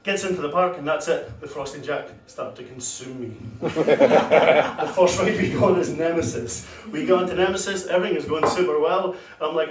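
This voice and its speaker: A man's voice: on the high side, normal speed, crowd noise. A young man doing a crude, self-deprecating stand-up set at an open mic, telling stories and laughing at himself. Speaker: stand-up comedian. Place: comedy club stage with audience. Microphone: handheld corded mic, recorded from far. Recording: echoey club room from far off.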